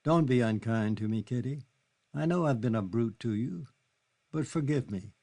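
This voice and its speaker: A man reading an audiobook, voicing a charming English gentleman with a deep, coaxing manner. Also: expressive, moderate pace. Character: smooth-talking English gentleman, charming seducer.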